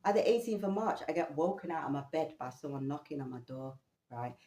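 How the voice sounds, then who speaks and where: A woman telling a personal story in an animated, incredulous way, often laughing. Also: low-pitched, brisk. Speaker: vlogger. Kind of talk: storytelling monologue. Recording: roomy echo.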